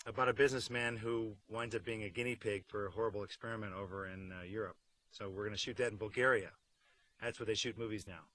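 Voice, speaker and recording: Rich: a fairly low-voiced middle-aged actor in a making-of interview. His sound is crisp and bright, and he talks in a dry, joking way. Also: poor audio. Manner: wry, joking, deadpan asides; acts out silly voices mid-story. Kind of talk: behind-the-scenes interview.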